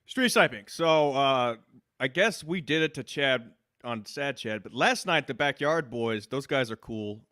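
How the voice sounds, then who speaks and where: A man's voice: medium pitch, expressive, sharp tone, no echo, studio quality. A man co-hosting a casual podcast, rambling and swearing as he tells stories. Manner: rambling, profane, quick laughs. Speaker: podcast co-host.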